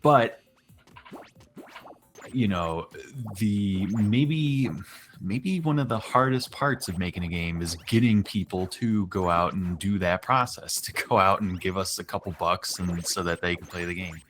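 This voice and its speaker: A man's voice: low voice, unhurried, a bit bright, faint music behind. A man co-hosting a casual live stream, with dry, teasing remarks. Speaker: game director and co-host.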